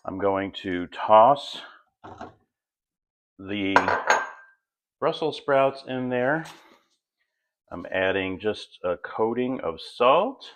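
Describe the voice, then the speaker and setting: A middle-aged man hosting a home cooking demonstration, walking through each step in a relaxed, chatty way. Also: lowish voice, very slow, pauses often, a little hiss or hum. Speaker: home cook host.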